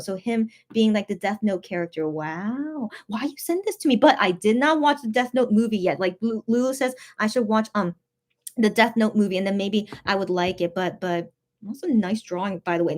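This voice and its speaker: A young woman chatting casually on a livestream, her voice sitting a little higher than most. She reacts to viewer comments with sudden loud bursts and then drops to soft, quick mutters. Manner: excitable, swings between loud outbursts and soft mutters. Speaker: livestream host reading viewer chat. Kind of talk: casual live-stream chat.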